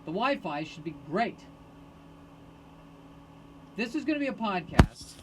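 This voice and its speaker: A man hosting a rambling solo live stream on his phone, sarcastic and self-mocking, bursting into shouted rants. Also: on the high side, big pitch swings, measured pace, long pauses, very noisy. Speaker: podcast host streaming live.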